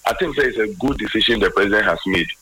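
A man's voice: on the low side, expressive, quick pace, sharp tone, slightly rough, no echo, rough recording. A man commenting on current affairs in a radio talk discussion, switching between Twi and English and stating firm opinions.

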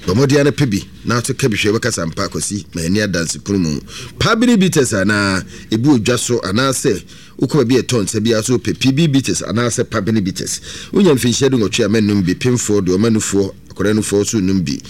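A man's voice: fairly low pitch, lively intonation, fast. A man hosting a radio talk show, echoing a caller's phone numbers back and answering with short affirmations. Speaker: radio host.

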